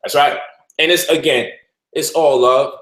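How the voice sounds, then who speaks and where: A man hosting a casual livestream, lecturing and mocking by turns in an animated way. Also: fairly high pitch, a little slow, echoey room, rough recording. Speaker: host.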